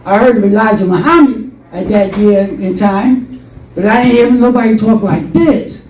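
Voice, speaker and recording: An older man telling stories in an interview, animated and rambling, acting out voices from his past. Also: high-pitched, normal speed, distant mic. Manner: rambling, animated storytelling with acted quotes. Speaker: interview guest. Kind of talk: storytelling interview. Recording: roomy, from off-mic.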